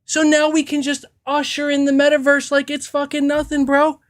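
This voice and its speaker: A man's voice: extremely high pitch, monotone, moderate pace. A man hosting a podcast who launches into a heated, profane, emphatic rant, stumbling and restarting as he talks. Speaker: podcast host.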